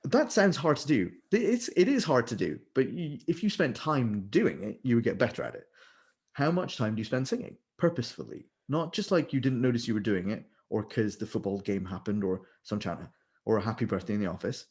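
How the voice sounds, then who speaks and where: A man, a vocal leader, talking in an animated, explanatory way and now and then demonstrating with sung syllables. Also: on the low side, brisk. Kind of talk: conversational interview.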